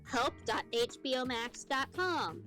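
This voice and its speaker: Young woman, high voice, casual profane rants, faint music behind. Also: expressive, a little slow, sharp tone, low-quality recording. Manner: profane ranting storyteller, swears often. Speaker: streamer co-host. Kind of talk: casual chat.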